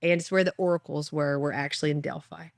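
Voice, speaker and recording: A woman who founded a ketamine clinic, telling a personal story in an animated way and acting out lines. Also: low voice, quick pace, gravelly, no echo. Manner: animated storyteller, acts out voices.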